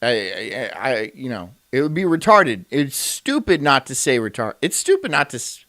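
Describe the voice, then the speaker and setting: A man's voice: medium pitch, very animated, moderate pace, sharp tone. A man streaming, ranting and reacting to clips in a brash, profane way and laughing often. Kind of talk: casual livestream rant.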